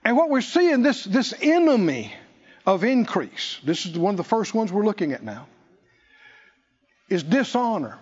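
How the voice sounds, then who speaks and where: A man's voice: sits high, big pitch swings, moderate pace, pauses often, a little mellow, slightly rough. A man preaching a sermon as pastor, with emphatic delivery that repeats key phrases for his congregation. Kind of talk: sermon with call-and-response. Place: church sanctuary. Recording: dull lo-fi recording with long hall reverb.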